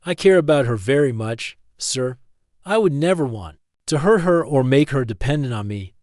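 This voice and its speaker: A gentle, caring young man in a storybook reading, soft-spoken and careful, as a man reads his lines. Middle pitch, dry and close. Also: animated, normal speed, no room sound, lightly acted.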